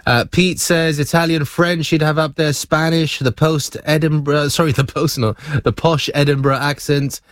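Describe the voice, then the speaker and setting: A man's voice: a little high, steady tone, normal speed, few pauses, no echo, clean studio sound. A man hosting a breakfast radio show, chatting casually, laughing often and reading out listener messages.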